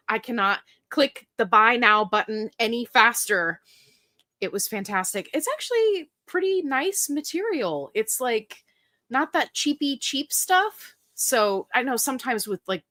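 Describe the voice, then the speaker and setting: A woman with a fairly high, sharp-toned voice hosts a casual livestream, recorded cleanly in a studio with no echo. Bubbly and upbeat, she chats and greets viewers by name.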